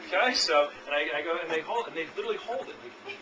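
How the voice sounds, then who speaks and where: A man with a high voice coaching a room of trainees through a sales demo, talking fast and checking in with "okay?" after nearly every point. He is heard from some way off on a camcorder's built-in mic, with clear noise behind him. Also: lo-fi sound. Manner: energetic, constantly checking in with "okay?". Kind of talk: live sales training demonstration. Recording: distant, noisy camcorder audio.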